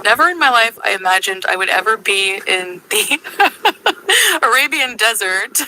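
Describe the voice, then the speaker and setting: A woman's voice: medium pitch, animated, moderate pace, background noise. A woman vlogger chatting upbeat while describing places and food. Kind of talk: travel and food vlog.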